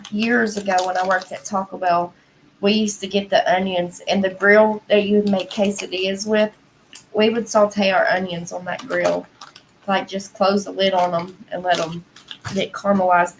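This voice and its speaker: A woman from the Southern United States, with a Southern American accent, hosts a casual livestream, rambling and chatty as she answers viewers' comments and leans heavily on "like" and "y'all." Her voice is mid-range, and the audio is poor with a little hiss or hum.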